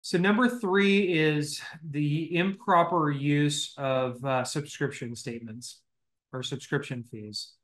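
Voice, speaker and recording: A man's voice: on the high side, slow pace, fairly bright tone. Joking man explaining legal rules. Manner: explanatory, joking, with false starts. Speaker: legal compliance expert, co-host. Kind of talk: casual podcast chat.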